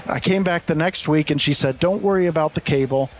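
A man's voice: on the high side, fast, a little hiss or hum. Rambling man telling work stories. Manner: rambling storyteller with frequent restarts. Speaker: landscaping business owner. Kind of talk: casual podcast chat.

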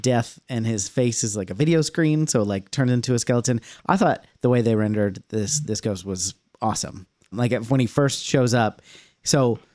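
A man's voice: mid-range voice, normal speed, darkish tone, no room sound, clean studio sound. A man co-hosting a podcast, talking casually about a movie and swearing offhandedly. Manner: laid-back, swears casually. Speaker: podcast co-host.

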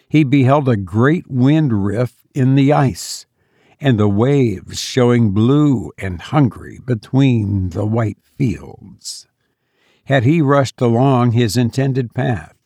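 Slow, gravelly male storyteller. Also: mid-range voice, a little mellow, no echo, studio quality. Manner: measured, deliberate storytelling. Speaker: narrator. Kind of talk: audiobook narration of a story.

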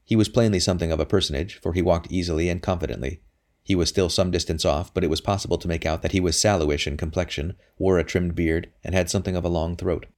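In this scripted storybook narration, a man reads steadily and with measure, his voice pitched very low.

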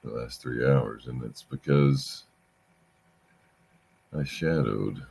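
A middle-aged man hosting a rambling late-night podcast, weary and halting, often losing his thread and sounding emotional. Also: extremely low pitch, creaky, darkish tone, slightly rough. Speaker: podcast host.

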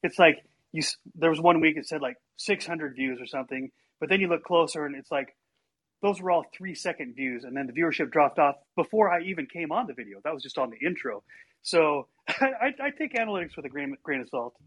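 A man co-hosting a casual chat, joking in playful banter with a husky voice. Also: a little high, animated, brisk, a bit bright. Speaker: podcast co-host and preacher.

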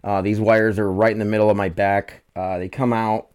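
His voice is fairly low, clean and a little mellow, with a level tone and moderate pace. He hosts a casual solo podcast in a rambling style thick with fillers, swearing and putting himself down, while coping with nerve pain.

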